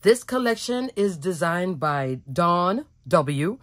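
Bubbly chatty woman with a lowish voice. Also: animated, slow pace, no echo, clean studio sound. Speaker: crafting video host. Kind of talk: casual product walkthrough.

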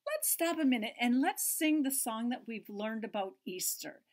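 A woman's voice: fairly high pitch, lively intonation, normal speed, a little mellow. A woman leading a children's story time, reading a picture book aloud in a playful, exaggerated sing-song way for small children.

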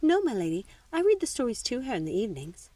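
A woman's voice: on the high side, very animated, fast talker, dark tone, far from the mic, voice pushed up. A woman voicing a proper, attentive governess who speaks politely and deferentially.

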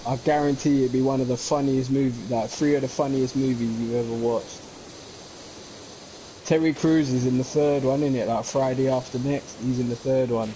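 A young man chats as a streamer over a game, rambling from one joke to the next. His voice is mellow and relaxed at a middle pitch. A faint hiss sits under the recording. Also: moderate pace, low-quality recording. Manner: rambling, jokey, slips into mock accents. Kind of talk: casual chat while gaming.

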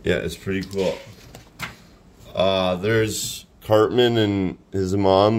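A man with a lowish voice talks through a sketchbook page by page. He rambles loosely, trailing off with fillers and restarting sentences as he goes. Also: fairly even intonation, slow pace. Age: 30s. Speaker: artist showing his sketchbook. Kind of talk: casual rambling commentary.

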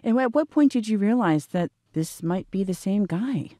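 A woman's voice: mid-range voice, expressive, moderate pace, mellow, no room sound, clean studio sound. A woman hosting a podcast interview, setting scenes and putting questions to her guests. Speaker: podcast host.

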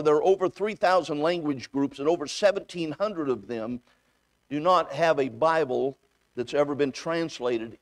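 A man with a high-pitched voice preaches as a visiting evangelist in a church. He tells folksy personal stories and acts out the conversations, often repeating himself as he goes. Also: a little mellow, dry recording. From United States. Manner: folksy storytelling, acts out dialogue, repeats words. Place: church sanctuary.

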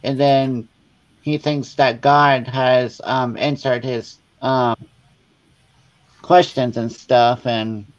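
A man's voice: medium pitch, fairly even intonation, takes it slowly, dry recording. Man, guest, casual chat, laughs a lot, muffled dry call audio. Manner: laughing, tearful storytelling.

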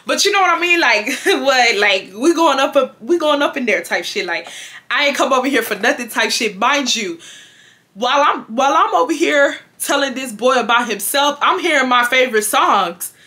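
A young woman tells a storytime straight to her viewers, her voice bright and forceful. She sits a little higher than most women and keeps swearing and laughing as she goes. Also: normal speed. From Houston, Texas. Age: 20s. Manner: animated, swears freely, laughs often, talks straight to viewers. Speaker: vlogger telling a storytime. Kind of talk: casual storytime.

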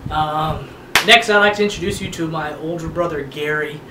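A young man auditioning as a comedian, setting up sketches in a hesitant, low-key way. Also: normal speed, background noise. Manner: hesitant, low-key setup talk with fillers. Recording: echoey room, far mic, guitar music.

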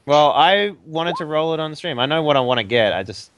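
A man playing in a tabletop game, chatting excitably, joking and swearing. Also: fairly high pitch, brisk, a little hiss or hum. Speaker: player. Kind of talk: casual tabletop game chat.

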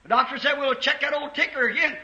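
A man preaching a fervent sermon, telling stories and rising to shouts. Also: extremely high pitch, fairly even intonation, fast talker. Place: church. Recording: roomy dull 1950s church recording.

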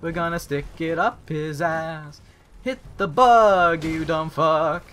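A young man giving crude, excitable commentary while playing a video game, swinging from mutters to yells. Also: fairly high pitch, slow, a little hiss or hum. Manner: crude joking. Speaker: gaming YouTuber. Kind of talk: Let's Play commentary.

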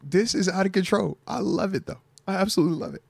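A man in his thirties hosting a podcast in loose casual chat, animated and full of slang. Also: high-pitched, fast talker, creaky, breathy edge, no echo. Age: 30s. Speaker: podcast host.

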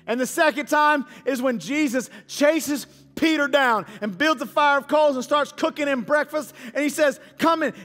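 A man's voice: extremely high pitch, normal speed, few pauses, a bit bright, in a large hall, faint music behind. A man pastor preaching a sermon as a dynamic, slangy storyteller who acts out the dialogue. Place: church auditorium.

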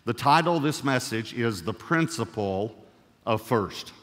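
A man preaching a sermon as pastor, emphatic, slowing right down to stress key words and repeating them. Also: mid-range voice, animated, fairly bright tone. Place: church sanctuary. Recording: reverberant church hall.

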